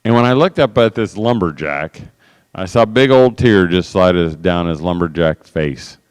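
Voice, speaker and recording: A man's voice: sits low, moderate pace, clean tone, big-room sound. A man speaking to an audience as a conference speaker, telling stories and acting out other people's voices. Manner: animated, acts out quoted voices. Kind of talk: storytelling talk to an audience.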